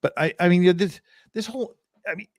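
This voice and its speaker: A man's voice: sits high, fairly quick, dry recording, clean studio sound. A man hosting a casual commentary chat, a lawyer talking bluntly and sarcastically with frequent swearing. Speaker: host, lawyer.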